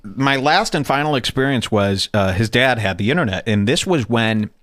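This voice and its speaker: Animated man telling crude stories. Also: mid-range voice, moderate pace, no echo. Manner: crude, animated, does silly voices. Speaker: podcast host. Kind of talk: casual comedic storytelling.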